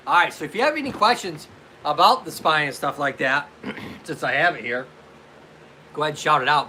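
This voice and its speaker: A chatty man hosts a casual live stream as a physical therapist. His voice sits a little high and sounds bright and forceful, and he greets viewers by name as he goes. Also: slight background noise.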